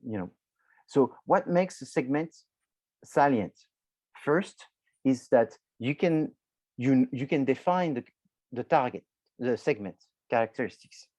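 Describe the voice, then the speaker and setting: A man's voice: medium pitch, lively intonation, measured pace, pauses often, a little mellow, no echo, low-quality recording. A man lecturing a university marketing class, explaining loosely with many restarts and filler words, addressing students directly.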